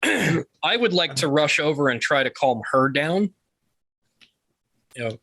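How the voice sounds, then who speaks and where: Bright dry-voiced male player. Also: a little high, lively intonation, a little slow, gravelly, dry recording. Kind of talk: tabletop game play.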